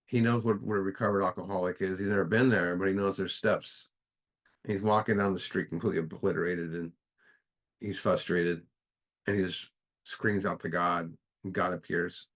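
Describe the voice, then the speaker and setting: Deep-voiced man leading a recovery study, earnest and plain-spoken, emphatic. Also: steady tone, normal speed. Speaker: speaker at a recovery book study. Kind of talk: recovery meeting talk.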